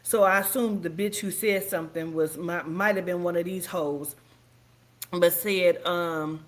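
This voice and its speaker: A woman's voice: lowish voice, steady tone, measured pace. Woman ranting heatedly on a stream. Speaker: livestream commentator. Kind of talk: casual livestream commentary.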